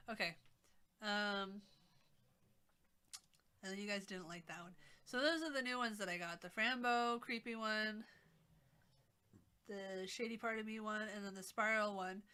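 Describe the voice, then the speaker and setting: A woman game streamer chatting casually on a live stream, excitable and thinking out loud. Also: mid-range voice.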